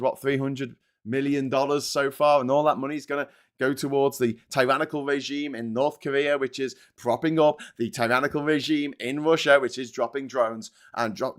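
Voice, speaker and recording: A man's voice: medium pitch, fairly bright tone. A man hosting a casual political livestream, talking bluntly with frequent swearing and reading viewer comments aloud. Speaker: host of a morning politics livestream.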